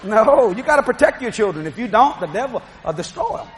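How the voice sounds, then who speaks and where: A middle-aged man preaching a sermon, telling lively stories with laughing asides. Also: high voice, a little fast, background noise. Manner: storytelling, animated, laughing asides.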